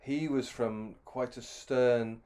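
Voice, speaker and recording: A man's voice: medium pitch, fairly even intonation, slow, dark tone, smooth. Middle-aged guy telling a rambly story, keeps restarting, pokes fun at himself. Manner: rambling, self-deprecating, full of restarts. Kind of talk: anecdotal storytelling.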